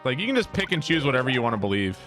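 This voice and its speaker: A young man streaming a game, rambling and swearing, often laughing and breaking into loud outbursts at the game. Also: medium pitch, sing-song, rapid-fire, over music. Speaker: gaming streamer. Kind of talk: casual gameplay commentary with chat.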